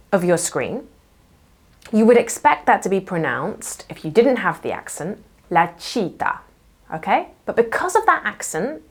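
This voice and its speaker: A woman teaching an online language lesson, patient and reassuring, saying example words slowly and repeating them. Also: mid-range voice. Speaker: Italian teacher.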